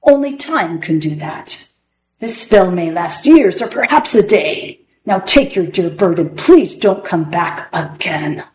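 A sly, gruff old magician who detests dogs, voiced by a woman reading aloud. He drags out his words in a low, menacing growl. The reading has a roomy echo around it. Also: animated, a little slow, darkish tone. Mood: dismissive.

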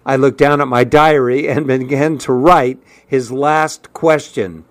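Slow-reading male storyteller. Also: medium pitch, no room sound. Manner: unhurried, even first-person storytelling. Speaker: narrator.

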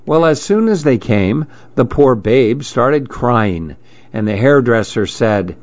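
A man reads a rhyming storybook aloud, expressive and rhythmic. His pitch rises and falls in a lively way and he takes his time. The recording is dry and a little dull, lo-fi. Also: slow, no room sound.

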